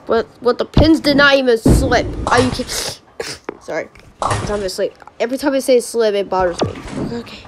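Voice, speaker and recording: A gaming host narrates a mobile game in a rambling, excitable way, restarting sentences and yelping at every miss. The voice sits fairly high, and its pitch jumps around a lot. Clear background noise and clicks sit under the recording. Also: female voice. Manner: excitable, yelps and groans at misses.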